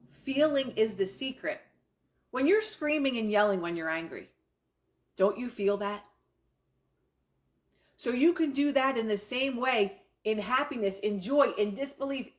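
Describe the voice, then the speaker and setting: A woman's voice: mid-range voice, moderate pace. A middle-aged woman coaching a live audience on affirmations, enthusiastic and repetitive, with casual swearing. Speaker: self-help coach.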